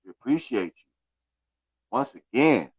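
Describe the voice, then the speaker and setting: A man's voice: mid-range voice, sing-song, a little slow, breathy edge, no room sound. Laid-back man hosting a livestream. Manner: laid-back, reads out viewer names and thanks them. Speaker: livestream host. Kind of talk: casual livestream chat.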